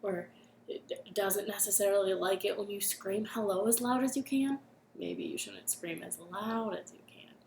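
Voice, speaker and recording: A woman hosting a children's storytime from her living room, speaking gently and encouragingly and singing with a ukulele. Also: medium pitch, big pitch swings, moderate pace, reverberant, slight background noise.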